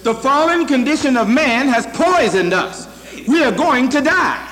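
High-voiced man preaching in a hall. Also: animated, unhurried, a bit bright. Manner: emphatic, repetitive, addresses the congregation directly. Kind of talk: sermon. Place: church hall with congregation.

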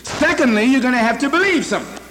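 A man's voice: very high-pitched, sing-song, quick pace, fairly bright tone, in a large hall, slight background noise. A male preacher giving an emphatic, repetitive sermon, speaking directly to his congregation in a church.

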